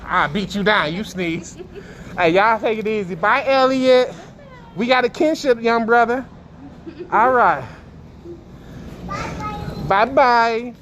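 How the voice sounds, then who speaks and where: A man walks a supermarket with his phone, joking and teasing other shoppers. His voice sits rather high for a man. Steady store noise hums behind him. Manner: teasing, playful, talks to passers-by. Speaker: vlogger. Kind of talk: casual joking chat with strangers. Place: indoor supermarket. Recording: noisy store background.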